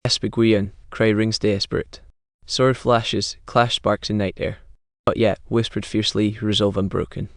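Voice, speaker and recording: A male recap narrator tells a dramatic story in clipped, terse fragments and reads every character's lines in his own voice. His voice sits a little low and stays flat and even in pitch. The recording is dry and close, with no room sound. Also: no room sound.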